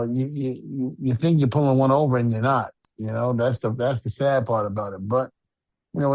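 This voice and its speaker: A man's voice: mid-range voice, darkish tone, dry recording. Middle-aged man, retired wrestler, casual podcast talk, blunt, repeats himself, dry close sound. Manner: blunt, repeats words as he talks.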